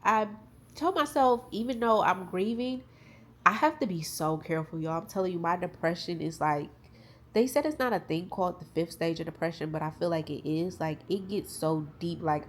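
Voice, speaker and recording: Speaking briskly in a lowish voice, a young woman vlogs to camera from home. Tearful and rambling, she opens up to her viewers about grief, with slight background noise in the clip.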